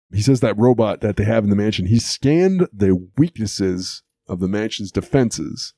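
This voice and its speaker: A man's voice: on the low side, dark tone, no echo, clean studio sound. A man co-hosting an audio podcast, chatting and laughing as he recaps a cartoon episode. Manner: chatty, amused, laughs often while recapping. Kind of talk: casual chat.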